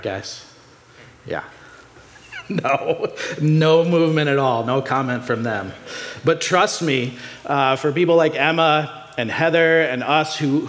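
A man preaching a sermon as a pastor, conversational and joking with the congregation, acting out everyday stories with rhetorical questions. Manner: animated storytelling with pitch swings.

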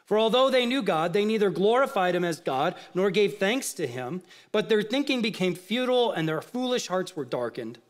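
A man preaching with a high, bright-edged voice that leaps and plunges across a wide range. He fires rhetorical questions at his listeners, then drops to hushed, low asides. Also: very animated, moderate pace, hardly any pauses. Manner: rhetorical questions, rising to emphatic outrage then dropping low. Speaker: pastor. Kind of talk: sermon.

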